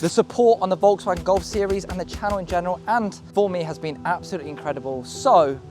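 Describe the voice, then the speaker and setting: A young British man casually showing off a cheap used car, excitable, joking and swearing as he goes. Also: sits high, quick pace, soft background music. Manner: excitable, swearing, laughing, jokey. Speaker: car vlogger. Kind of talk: casual car walkaround vlog.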